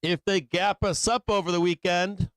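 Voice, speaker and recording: On a live trading stream, this host breaks down charts in a slangy, relaxed style, tacking on tag questions constantly. He sounds a little high for a man, very smooth and resonant, a bit bright, with fairly even intonation at a moderate pace. The audio is dry and close, without room echo.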